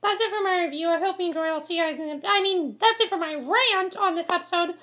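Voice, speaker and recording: Very high, bright exasperated woman ranting. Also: fast. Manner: exasperated, repetitive, rambling. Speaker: vlogger reviewing a TV episode. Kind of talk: casual ranting review to camera.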